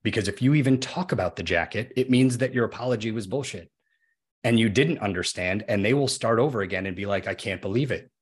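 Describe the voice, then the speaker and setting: A man with a low, husky voice talks through a casual podcast conversation. He explains at length and illustrates his points with everyday examples. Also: quick pace.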